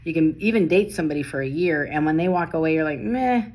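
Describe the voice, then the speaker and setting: Low-voiced rapid-fire woman reading tarot. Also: darkish tone, slight background noise. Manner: rapid-fire, stops and restarts mid-sentence. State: tired, late at night. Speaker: tarot reader.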